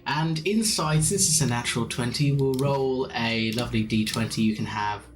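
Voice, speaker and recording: A man's voice: mid-range voice, moderate pace, background noise. A man, narrating as game master in a playful, chatty way. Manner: playful, chatty, laughs often.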